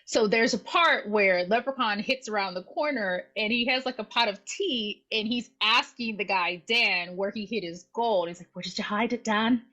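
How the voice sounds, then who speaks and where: A woman's voice: mid-range voice, moderate pace, few pauses. A woman co-hosting a podcast, chatting casually as she recaps a horror film and acts out scenes. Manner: animated, acts out scenes with voices and laughs. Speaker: podcast co-host.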